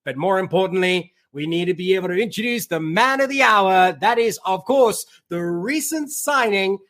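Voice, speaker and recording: A man's voice: sits high, a bit bright. A man hosting a sports podcast, opening the show in a formal, announcer-like way. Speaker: podcast host. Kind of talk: scripted show introduction.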